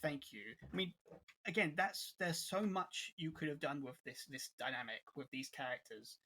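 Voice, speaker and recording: A man's voice: fairly high pitch, moderate pace. Young man, casual podcast co-host, raised voice, exasperated and restless. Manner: animated, exasperated, many restarts and laughs. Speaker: co-host reviewer. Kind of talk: casual review chat.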